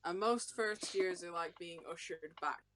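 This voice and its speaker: A woman narrating as game master of a tabletop game in a brisk, offhand way. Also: lowish voice, fairly bright tone.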